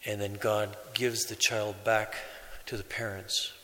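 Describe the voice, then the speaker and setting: A priest delivers a sermon in a slow, measured way, pausing between phrases. His voice is slightly low yet bright and forceful. A long church reverb trails behind every word. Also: little pitch movement. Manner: slow, measured preaching with pauses.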